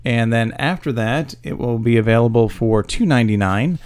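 A man's voice: mid-range voice, moderate pace, a little mellow, clean tone, no echo. A middle-aged man co-hosting a casual podcast with his daughter, teasing and laughing often. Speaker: podcast co-host.

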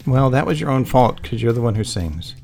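A man's voice: medium pitch, lively intonation, a little fast, creaky, a little mellow, faint music behind. A middle-aged man co-hosting a casual podcast with his daughter, teasing and laughing often. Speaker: podcast co-host.

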